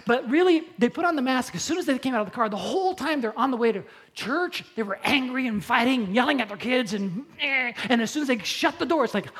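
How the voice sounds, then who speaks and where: A pastor preaching a sermon in a conversational way, using props and slowing down for emphasis. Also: mid-range voice, animated.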